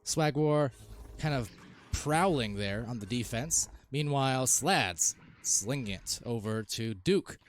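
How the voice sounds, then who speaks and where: A man casting a live esports match, calling plays quickly and rising to shouts when goals are scored. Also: mid-range voice, slight background noise. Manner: excitable, rises to shouts on goals. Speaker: esports caster. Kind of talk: live play-by-play commentary.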